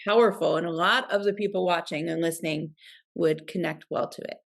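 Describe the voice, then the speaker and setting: A woman's voice: lowish voice, fairly even intonation, a little fast, vocal fry. A woman hosting an interview show, upbeat and welcoming as she asks her guest questions over a video call. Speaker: podcast host. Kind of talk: casual interview chat.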